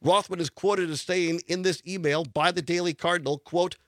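Middle-aged talk radio host, congested and stuffy, slightly high voice, dry close studio mic, chatty delivery. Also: male voice, steady tone, normal speed, no echo. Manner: chatty, reads news quotes aloud with emphasis. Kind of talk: radio talk show monologue. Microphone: studio broadcast microphone.

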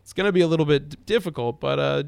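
A man's voice: on the high side, racing, vocal fry, darkish tone, clean tone, no echo. A man co-hosting a political call-in show, rambling with frequent restarts. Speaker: radio talk show co-host. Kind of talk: casual political call-in talk.

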